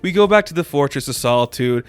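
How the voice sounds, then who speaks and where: A man's voice: a little high, lively intonation, fast, clear, resonant tone. A man giving a casual comic book review, chatty and full of fillers, loosely paraphrasing what the characters say.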